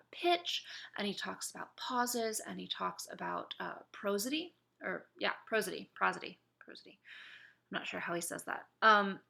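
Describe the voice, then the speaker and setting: A woman's voice: medium pitch, vocal fry, sharp tone. A woman instructor giving spoken feedback on a student's presentation, encouraging, with many fillers and restarts.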